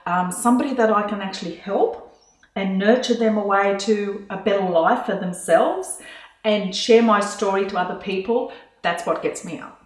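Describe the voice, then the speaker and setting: Chatty female podcast guest, mid-pitched, hesitant um-filled delivery, roomy echo. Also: normal speed. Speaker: guest, co-founder of a coaching business. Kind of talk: casual podcast interview. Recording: echoey room.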